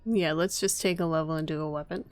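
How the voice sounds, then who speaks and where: A woman's voice: low-pitched, steady tone, quick pace, darkish tone, no room sound. A woman streaming a video game, chatting casually and making sarcastic jokes.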